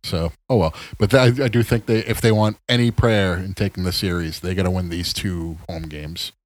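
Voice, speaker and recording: A man's voice: low voice, fairly even intonation, moderate pace, no room sound, poor audio. A man co-hosting a podcast, chatting casually about basketball and laughing often. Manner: laughs often, keen fan talk. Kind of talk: casual sports chat.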